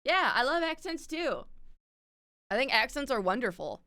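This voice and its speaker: Woman streamer, standard North American accent, slight lisp, rambling casual chat full of fillers and offhand swearing, crisp tone. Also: high voice, sing-song, normal speed, pushed and bright. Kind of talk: casual chat with live viewers.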